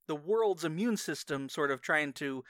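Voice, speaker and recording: Animated man game master, lively pitch. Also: moderate pace, no room sound, clean studio sound. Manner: animated, laughs often, thinks aloud with restarts. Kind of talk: narrating a tabletop game.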